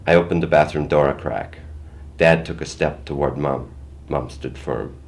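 An older man reading his own first-person story aloud in a plain, measured way. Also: a bass voice, creaky. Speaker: memoir reader.

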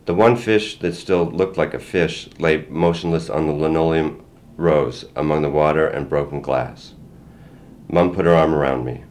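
Very deep-voiced older man narrating. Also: moderate pace, darkish tone. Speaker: memoir reader. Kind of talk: first-person story narration.

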